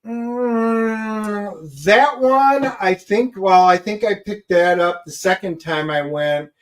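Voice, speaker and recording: A man with a notably high speaking voice co-hosts a relaxed chat, ribbing his partner and joking along. He rambles and restarts his sentences as he goes. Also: takes it slowly. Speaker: co-host. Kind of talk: casual chat.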